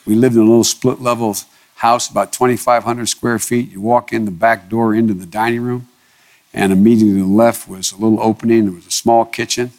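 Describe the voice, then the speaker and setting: A man's voice: lowish voice, little pitch movement, a little mellow. Earnest man telling family stories. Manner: earnest, emphatic, halting with frequent restarts. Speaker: interview guest, politician. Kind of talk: reflective personal storytelling.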